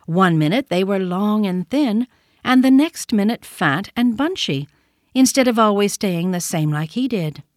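A woman narrating a children's storybook in a gentle, measured reading. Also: medium pitch, expressive, no room sound, clean studio sound.

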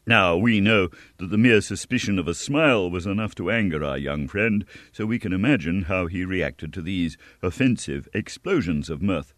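A man narrating a novel in an expressive, measured audiobook reading. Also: fairly low pitch, no room sound, clean studio sound.

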